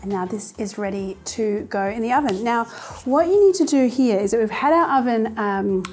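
A woman's voice: a little high, lively intonation, moderate pace, darkish tone, soft background music. A woman hosting a cooking show, chatting casually and explaining each step in an upbeat way as she cooks in a kitchen. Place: home kitchen.

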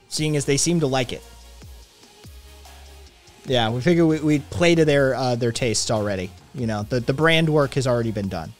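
A man's voice: fairly low pitch, moderate pace, faint music behind. A man streaming live, chatting casually with viewers in a rambling, sarcastic way, with lots of swearing and filler words.

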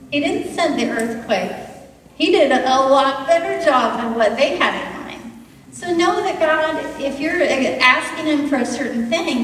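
A woman preaches earnestly in a church, speaking directly to her listeners. Her voice is high and sits back from the mic. It echoes heavily around the large hall. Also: a bit bright, distant mic, slight background noise. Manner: earnest, direct address to the congregation. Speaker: guest speaker. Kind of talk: sermon.

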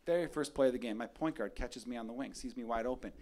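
A man performing a stand-up comedy set, telling profane stories and acting out loud quotes, on a club stage with a handheld mic. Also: mid-range voice, quick pace. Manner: profane, animated storytelling with loud acted-out quotes.

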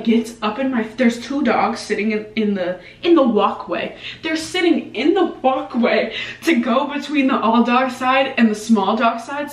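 A young woman telling a story in a casual vlog, animated and swearing freely, with lots of "like" fillers. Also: a little high. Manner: animated, profane, lots of "like" and reenacted dialogue. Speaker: vlogger. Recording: echoey room, mic at a distance.

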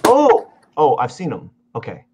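A man's voice: fairly high pitch, wildly swooping pitch, measured pace, a little mellow, a little hiss or hum. A man hosting an artist interview, playful and jokey, often stammering and restarting his questions. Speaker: interview host and art teacher. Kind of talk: casual interview. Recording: dull lo-fi audio.

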